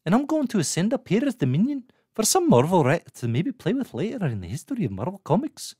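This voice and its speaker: Guy doing a high moira voice, stately lady handing out grand blessings, swoops up and down. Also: wildly swooping pitch, fast talker, warm tone, husky, no room sound, studio quality, heavily acted. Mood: grandly benevolent. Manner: lofty, ceremonial pronouncements.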